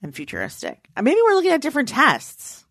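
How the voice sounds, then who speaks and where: A woman co-hosting a casual chat, playful and animated, her pitch jumping up when she gets excited. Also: fast talker, gravelly, no room sound, studio quality.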